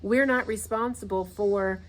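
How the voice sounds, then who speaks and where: A woman's voice: medium pitch, fairly even intonation, measured pace. A woman in her thirties hosting a casual motivational talk, earnest and repeating her points for emphasis. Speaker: podcast host.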